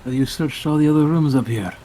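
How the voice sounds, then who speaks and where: A man playing a tabletop game, describing his character's actions and thinking aloud over his rolls in a deliberate way. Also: on the high side, dark tone, low-quality recording. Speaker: player. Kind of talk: casual tabletop role-play.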